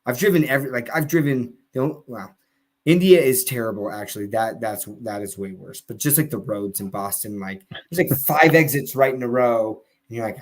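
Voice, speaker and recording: A man's voice: medium pitch, brisk. A man on a live stream telling a long casual story, full of fillers and restarts, laughing now and then.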